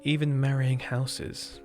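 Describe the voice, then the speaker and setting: A man streaming a building game, chatting casually and rambling with dark jokes. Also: mid-range voice, little pitch movement, takes it slowly, faint music behind. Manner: rambling, joking, darkly humorous. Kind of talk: casual chat while gaming.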